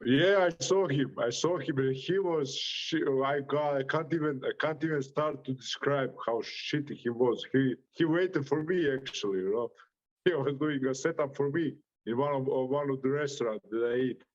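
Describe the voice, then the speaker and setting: A man's voice: medium pitch, normal speed, muffled recording. A man with a Croatian accent, a boxer giving an interview full of brash, profane trash talk and frequent laughs. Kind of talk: interview reaction.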